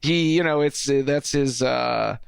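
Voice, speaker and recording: A man co-hosting a casual podcast, cracking jokes and reacting quickly to the story. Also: medium pitch, gravelly, clean tone, no echo, studio quality. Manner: joking, quick reactions and wisecracks. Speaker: podcast co-host.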